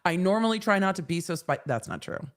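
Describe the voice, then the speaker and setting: A woman's voice: lowish voice, very animated, fast talker. A woman lawyer giving live-stream commentary on a trial, blunt and exasperated, swearing freely.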